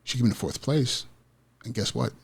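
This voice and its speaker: A principal hosting an education podcast gives a motivational monologue, passionately repeating his point about teaching kids to win. He speaks at a moderate pace in a mid-range voice that's gravelly and slightly rough.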